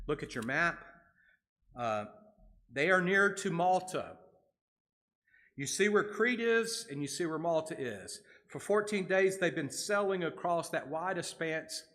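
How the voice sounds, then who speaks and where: A man's voice: a little high, big pitch swings, moderate pace, a bit bright. A man leading a Bible study in a church, reading scripture aloud and then explaining it in a casual way with fillers and restarts.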